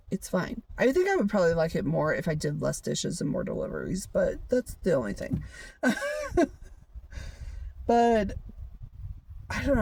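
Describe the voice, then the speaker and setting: A woman's voice: mid-range voice, creaky, darkish tone, recorded from a distance, a little hiss or hum. A woman vlogger telling a personal story in a casual, rambling way, full of fillers and laughs. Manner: rambling, many fillers like "you know" and "like", laughs often. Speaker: hiker vlogger.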